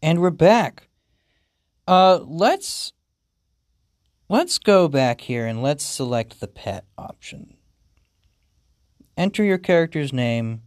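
Slow, deadpan game commentator. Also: mid-range voice, dry recording, clean studio sound. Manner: deadpan, amused, reading game text aloud. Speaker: gaming video host. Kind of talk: playthrough commentary.

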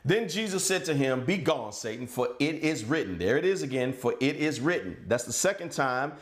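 A male pastor preaching a sermon with passion, his voice swinging from loud shouts down to low, quiet stretches. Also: expressive, moderate pace, reverberant. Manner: impassioned preaching, rising to shouts and dropping low.

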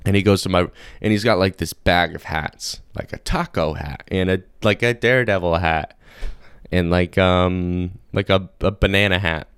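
A man's voice: deep voice, steady tone, normal speed, clear, resonant tone, no room sound, clean studio sound. A young man hosting a podcast, chatting casually and rambling with lots of slang and fillers. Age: young adult. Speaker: podcast host. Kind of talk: casual solo podcast chat.

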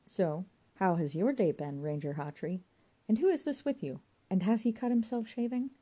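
A woman's voice: medium pitch, normal speed, mellow, pitched above the performer's own voice, lightly acted. A woman voicing a rambling, self-important male pub landlord with a banged head. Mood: chatty.

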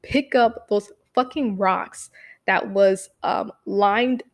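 A young woman telling a casual story about her own life, profane and animated, full of fillers and acted-out quotes. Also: medium pitch, slow pace.

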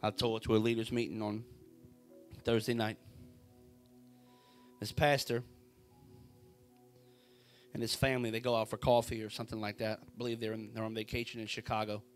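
A man preaching a sermon, telling a story with drama and swinging from a hushed voice to a shout. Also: fairly low pitch, level tone, normal speed, long pauses, soft background music. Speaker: pastor.

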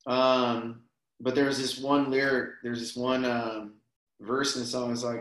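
A man's voice: mid-range voice, a little slow. Laid-back man telling a story, roomy sound. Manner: relaxed, rambling, peppers speech with "man" and "dude". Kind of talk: casual personal storytelling. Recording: roomy echo.

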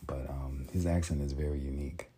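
A man hosting a casual solo podcast, speaking haltingly with many pauses and restarts. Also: very deep voice, fairly even intonation, mellow, husky. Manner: halting, full of ums and restarts. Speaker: podcast host.

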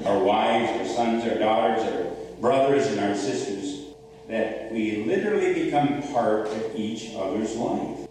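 A man's voice: lowish voice, a little mellow. A male pastor preaching a sermon with emphatic, repetitive storytelling, recorded in a church sanctuary. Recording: echoey church hall, far mic, faint hum.

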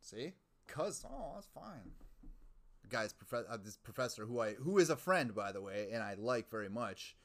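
Rambling low-voiced man musing on a podcast. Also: brisk, few pauses. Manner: rambling, profane, self-mocking, muses aloud. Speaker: podcast host. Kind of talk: casual rambling monologue.

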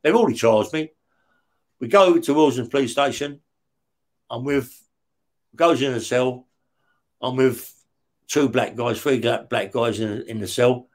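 A man telling stories as an interview guest, blunt and rough-spoken, swearing heavily and tagging his lines with "yeah?". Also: mid-range voice, a little slow, long pauses. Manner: heavy swearing, frequent "yeah?" tag questions. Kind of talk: casual storytelling.

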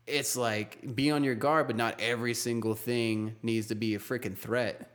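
A man in a casual chat, telling stories in an animated way and often acting out what people said. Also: medium pitch, moderate pace. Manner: animated storyteller, acts out quotes, lots of "like".

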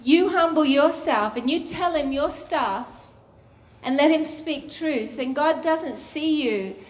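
A woman preaching a sermon, expressive, with bursts of laughter and sung phrases. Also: sits high, takes it slowly, roomy sound.

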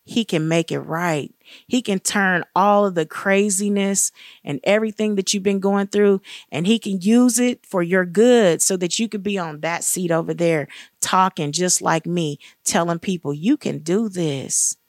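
A woman's voice: measured pace, no room sound, clean studio sound. A middle-aged woman sharing a faith-based personal testimony in an earnest, encouraging way. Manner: earnest and encouraging, acts out quoted dialogue with raised pitch. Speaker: guest speaker sharing testimony.

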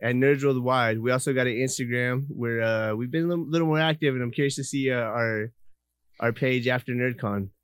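Easygoing male co-host, talks fast, dry close mic. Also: mid-range voice, clear, resonant tone, dry recording. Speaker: podcast co-host. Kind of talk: casual chat.

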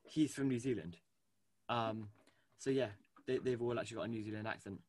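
A man co-hosting a casual fan chat, animated and gushing, with lots of fillers and restarts. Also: medium pitch, brisk, dry recording. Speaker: podcast co-host. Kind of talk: casual fan chat about a cartoon series.

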